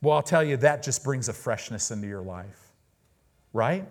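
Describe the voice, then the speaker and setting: A man's voice: mid-range voice, animated, normal speed. A man preaching a sermon in a conversational style, with sudden emphatic peaks and prayers spoken aloud.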